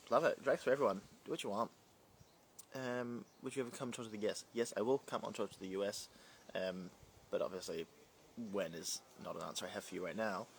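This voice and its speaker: A man's voice: lowish voice, vocal fry, a little hiss or hum. A young man from New Zealand with a slight British twang, answering live comments in a chatty, playful, scattered way. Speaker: drag performer reading live comments. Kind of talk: casual livestream Q&A.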